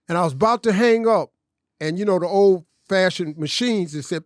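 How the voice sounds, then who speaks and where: A man's voice: high-pitched, animated, normal speed, dry recording, studio quality. A man telling a personal story on a podcast, emphatic and conversational, often saying "man". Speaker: podcast guest, comedian. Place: studio.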